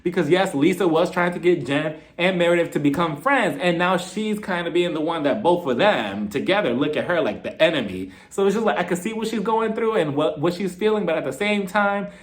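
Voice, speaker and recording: Chatty, higher-voiced man recapping gossip. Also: lively intonation, fairly quick, few pauses. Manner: chatty and gossipy, acts out others' lines with dramatic quotes. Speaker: reality TV reviewer. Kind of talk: casual recap vlog.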